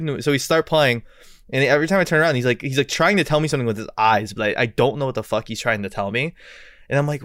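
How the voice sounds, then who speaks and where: A smooth-voiced man telling a profane story. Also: medium pitch, expressive, fast, a bit bright, no room sound, studio quality. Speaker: podcast guest, musician. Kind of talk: casual chat.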